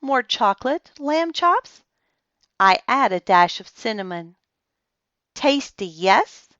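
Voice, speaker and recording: A woman's voice: fairly high pitch, sing-song, slow, a bit bright, dry recording, lo-fi sound, pitched above the performer's own voice, exaggerated voice. A woman doing a genteel, kindly older hostess. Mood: welcoming. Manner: genteel, welcoming.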